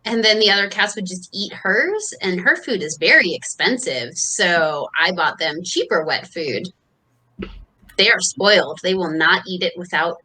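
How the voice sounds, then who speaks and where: A woman's voice: lowish voice, pushed and bright, low-quality recording. A woman in casual chat, telling small stories about home life. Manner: chatty, storytelling.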